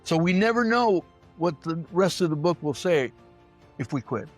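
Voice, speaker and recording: Emphatic preacher man, higher voice. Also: expressive, normal speed, soft background music. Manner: emphatic preacher cadence, repeats phrases. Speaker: guest, former pastor. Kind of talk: storytelling interview talk.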